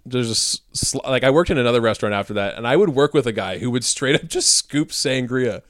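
A man's voice: medium pitch, lively intonation, quick pace, no echo. A young man co-hosts a casual podcast and tells a story at an easy, laid-back pace. He laughs often and swears freely. His voice sits mid-range and is recorded close and dry. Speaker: podcast co-host.

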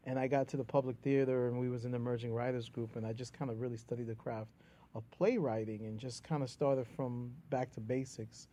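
A man's voice: medium pitch, steady tone, brisk, warm tone, a little hiss or hum. A man with a New York accent, a comedian and playwright, chatting loosely and joking as a guest, laughing often. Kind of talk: casual conversation.

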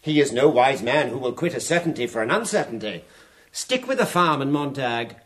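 A man's voice: medium pitch, sing-song, brisk, natural voice. A man playing a silky, taunting fire captain. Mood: mocking. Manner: silky, taunting, quotes verse at length. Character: sly, mocking fire captain, middle-aged man. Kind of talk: radio drama acting.

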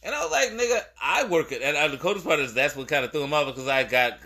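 A man's voice: medium pitch, racing. A young man co-hosting a podcast, chatting casually and acting out the people in his stories. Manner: animated storyteller, acts out quoted exchanges. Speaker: podcast co-host. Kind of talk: casual chat.

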